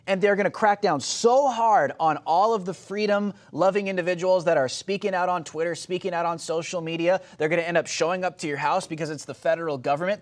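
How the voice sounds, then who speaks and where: A young man delivers heated, emphatic political commentary, his slightly high voice leaping into loud, sarcastic bursts as he pushes his points. He talks briskly with few pauses.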